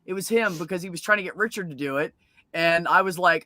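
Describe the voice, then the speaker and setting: Woman streamer, brash profane storyteller, bright forceful voice, dry close mic. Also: on the low side, quick pace, dry recording. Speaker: stream host. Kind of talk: casual chat, storytelling.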